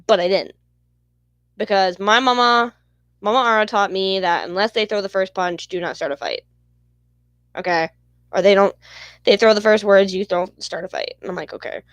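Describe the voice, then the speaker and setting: A woman's voice: medium pitch, normal speed, long pauses, no echo. Foul-mouthed woman ranting through a story. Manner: rambling, profane, heated retelling. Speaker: channel host. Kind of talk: casual storytelling vlog.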